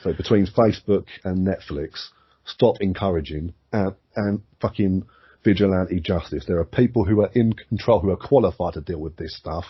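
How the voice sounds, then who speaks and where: Deep, very raspy man ranting. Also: moderate pace, muffled recording. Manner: ranting, heavily sweary. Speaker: podcast co-host. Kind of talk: casual podcast chat.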